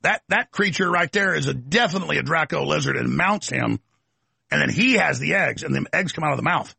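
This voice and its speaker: A man's voice: a little high, expressive, gravelly, bright, forceful tone, breathy edge, no echo. A man hosting a talk show, delivering an emphatic, mocking ranting monologue. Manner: emphatic, rapid-fire, mocking.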